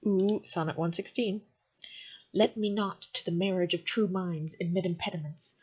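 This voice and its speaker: A young woman with a somewhat low, breathy-husky voice recites verse and then breaks into wry, self-mocking commentary. The sound is muffled and lo-fi, like a simple home recording. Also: normal speed, a little mellow. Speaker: vlogger. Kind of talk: reading sonnets aloud with casual commentary.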